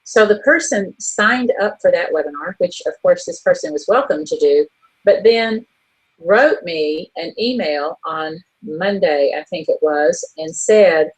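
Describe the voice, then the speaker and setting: A woman's voice: on the low side, measured pace, slightly rough, rough recording. A woman co-hosting an online business show, frankly telling a story about a difficult contact in a chatty, exasperated way. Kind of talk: casual monologue telling a story.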